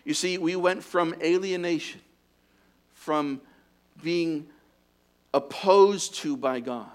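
Slow, earnest man preaching. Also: a little high, smooth. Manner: rising to loud fervent exhortation, then hushed prayer. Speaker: pastor. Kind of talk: sermon with closing prayer.

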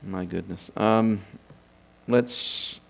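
Slow, deliberate male Bible teacher. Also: fairly low pitch, vocal fry. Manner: thinks aloud with rhetorical questions and restarts. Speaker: preacher teaching doctrine.

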